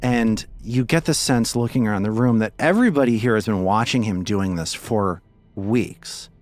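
A man's voice: on the low side, normal speed, darkish tone. A man casually narrating a scene as game master of a tabletop game. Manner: casual descriptive narration with fillers.

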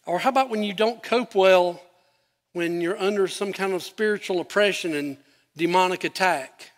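A man preaching a sermon as pastor, animated, acting out scripture quotes with an emphatic voice. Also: high-pitched, normal speed, long reverb tail.

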